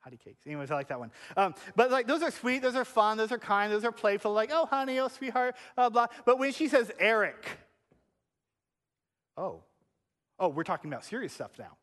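A man in his thirties preaching a sermon in a church, animated and shifting between hushed and loud delivery. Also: high-pitched, quick pace, long reverb tail. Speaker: pastor. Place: church sanctuary.

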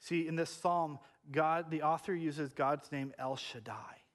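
A man in his thirties preaching a sermon in a church, animated and shifting between hushed and loud delivery. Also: a little high, unhurried, in a large hall. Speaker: pastor. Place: church sanctuary.

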